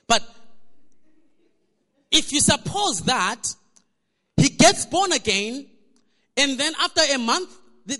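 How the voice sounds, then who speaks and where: A male pastor preaching a storytelling sermon in a church hall, animated and often repeating words as he restarts. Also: very high voice. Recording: echoey hall reverb.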